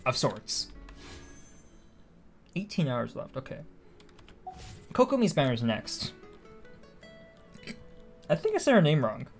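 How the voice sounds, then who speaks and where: Halting, chatty male game streamer. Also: mid-range voice, huge pitch swings, vocal fry, soft background music. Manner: thinks aloud, many restarts and fillers. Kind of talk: casual live-stream chat while gaming.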